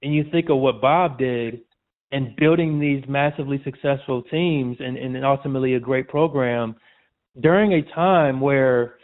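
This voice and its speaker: A man, a sports reporter appearing as a guest, talking casually and loosely in a relaxed, chatty way. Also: mid-range voice, normal speed. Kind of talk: casual interview chat. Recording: tinny phone-like audio.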